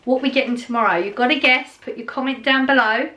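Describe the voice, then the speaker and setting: Middle-aged woman, vlogger, relaxed rambling chat to camera, voice sitting a touch high. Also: fast talker, lo-fi sound. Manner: chatty and rambling, with many fillers and restarts.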